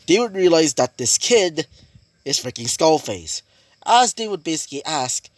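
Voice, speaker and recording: A man's voice: on the high side, sing-song, normal speed, dry recording. A man casually narrating a fan-fiction story in a rambling way, full of fillers and restarts. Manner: rambling, full of fillers like "basically" and "you know". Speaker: YouTube storyteller.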